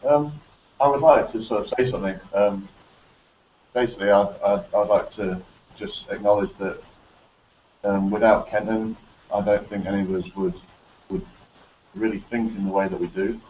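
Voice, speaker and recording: A man with a low voice speaks hesitantly in a casual group chat, pausing often. He sounds far from the mic. Faint noise runs under a dull recording. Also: steady tone. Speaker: panel guest. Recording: distant, muffled with faint noise.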